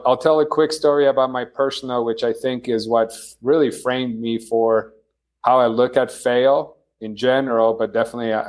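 A man from Poland, a company founder, answering interview questions in a relaxed, measured way with many fillers. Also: medium pitch. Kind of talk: casual interview.

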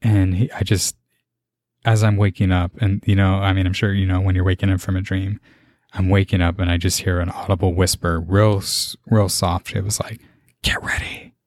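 Earnest low-voiced young man. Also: little pitch movement, darkish tone, no echo. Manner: earnest, halting, emotional. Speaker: podcast host. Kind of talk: personal faith testimony.

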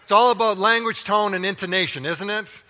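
A man preaching a sermon in a large church, playful and animated, talking straight to the congregation. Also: high-pitched, fairly quick, long reverb tail. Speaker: pastor.

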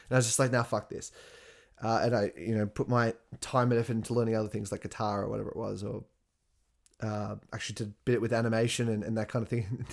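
A man's voice: medium pitch, fairly bright tone. A young adult man talking in a casual monologue, swearing often and laughing as he speaks.

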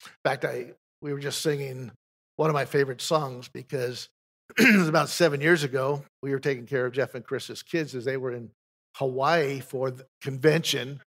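A man's voice: mid-range voice, steady tone, moderate pace, fairly bright tone. An older man, a pastor, giving a folksy spoken testimony from the pulpit, telling stories with frequent restarts.

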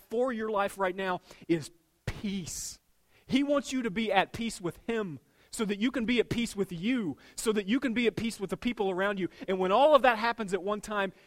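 A pastor with a somewhat higher male voice delivers a sermon in a loose, conversational way. He jokes with the congregation, then lands key words in a soft, hushed tone before pushing his volume back up. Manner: swings between punchy loud lines and hushed intimate ones.

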